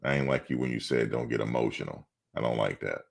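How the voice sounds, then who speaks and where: A man's voice: extremely low pitch, quick pace, gravelly. A middle-aged man hosting a sports channel, chatting casually on a live stream and answering his chat in a blunt, streetwise way.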